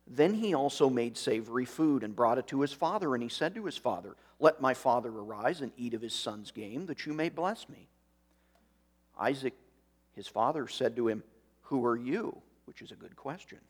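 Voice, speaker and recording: A man's voice: medium pitch, husky. Earnest man preaching a sermon. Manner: earnest preaching, reads scripture aloud with commentary. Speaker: pastor.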